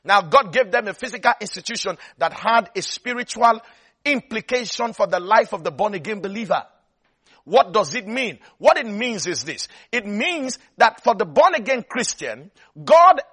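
A man's voice: high-pitched, expressive, a little slow, pushed and bright, breathy edge. A man preaching a sermon, driving points home with repetition and often checking that his listeners are following.

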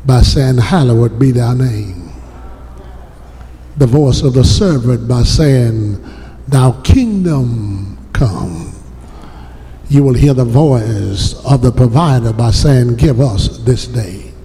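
Slow-preaching pastor in a reverberant church. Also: male voice, mid-range voice, mellow. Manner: slow, deliberate preaching cadence with call-and-response to the congregation. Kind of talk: sermon. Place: church sanctuary.

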